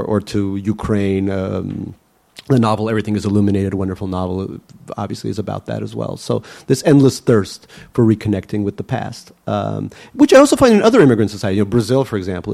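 Gravelly-voiced man musing with dry wit. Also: on the low side, dark tone. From Russia. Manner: wry, musing, with many fillers and restarts. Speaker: author, interview guest. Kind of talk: conversational interview answers.

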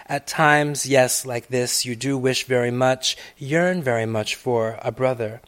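A man's voice: mid-range voice, clean tone. Man reading a reflective literary essay. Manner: measured, reflective, long winding sentences with many asides; swells loud on key phrases, then drops to near-hushed tones. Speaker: author reading his own personal essay.

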